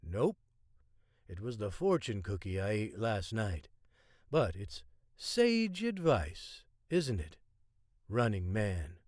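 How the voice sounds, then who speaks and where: A man voicing a cryptic, wise old man who speaks in slow, drawn-out folksy sayings. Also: fairly low pitch, sing-song, darkish tone, no room sound, clean studio sound, exaggerated voice.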